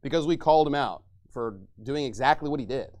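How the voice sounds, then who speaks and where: A man preaching a fiery sermon as pastor, angry and mocking, shouting at times. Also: medium pitch, fairly quick.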